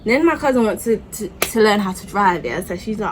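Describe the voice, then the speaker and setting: A young woman telling a storytime vlog, chatty and animated, often checking in with "yeah?". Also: mid-range voice, brisk, a little hiss or hum, poor audio. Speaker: vlogger.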